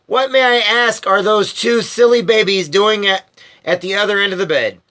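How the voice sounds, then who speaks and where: A man voicing a cantankerous ancient grandmother who croaks and shrieks in a storybook reading. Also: sits high, normal speed, bright, forceful tone, voice pushed up.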